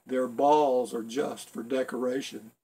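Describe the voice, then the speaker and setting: Husky man reading jokes, chuckling. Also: mid-range voice, steady tone, a little slow, warm tone. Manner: rambling, chuckles at his own jokes. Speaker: video blogger telling jokes. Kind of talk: casual joke reading.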